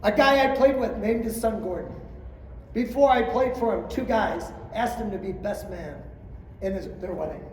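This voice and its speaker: A man's voice: high voice, moderate pace, slight background noise. Man speaking in a roomy hall. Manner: storytelling, acting out quotes, swings from quiet to shouting. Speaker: coach clinic speaker. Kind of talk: motivational speech to coaches. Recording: roomy hall, distant mic, faint ambience.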